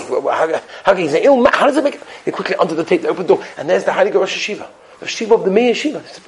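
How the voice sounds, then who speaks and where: A man delivers an animated storytelling sermon in a fairly high voice. He swings from emphatic near-shouts down to quiet, hushed lines. Yiddish and Hebrew terms run all through his talk. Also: quick pace. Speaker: rabbi giving a Torah talk.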